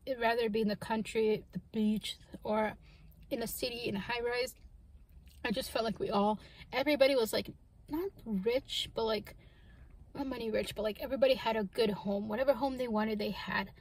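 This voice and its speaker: A woman's voice: fairly high pitch, steady tone, normal speed, breathy edge, poor audio. A woman vlogger in a casual chat while she eats, talking with her mouth full and musing in a rambling way, with lots of fillers. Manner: soft-spoken, wondering. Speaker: mukbang vlogger.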